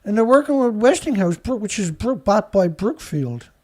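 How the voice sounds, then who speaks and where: A man's voice: sits high, sing-song, moderate pace, warm tone. Sarcastic indignant man hosting commentary. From Canada. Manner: sarcastic, indignant, breaks into laughter. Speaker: host of a news commentary show. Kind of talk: casual solo commentary reading news stories. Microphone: studio mic.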